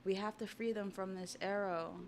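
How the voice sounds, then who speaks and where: A woman's voice: medium pitch, steady tone, normal speed, a little hiss or hum, natural voice. A woman reading out the urgent lines of desperate giants from a manga. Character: desperate giants trying to break arrows. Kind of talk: reading manga aloud on stream.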